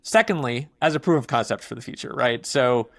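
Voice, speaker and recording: Male guest, mid-pitched, chatty and animated, dry close recording. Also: brisk, dry recording. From not from England. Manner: animated storyteller, many fillers. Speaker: filmmaker guest. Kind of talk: casual interview talk.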